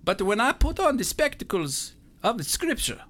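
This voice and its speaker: A man's voice: very high-pitched, very animated, moderate pace, fairly bright tone, exaggerated voice. A man voicing a pompous male theologian with a put-on Italian accent, speaking in an earnest, preachy way. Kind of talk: comedic role-play.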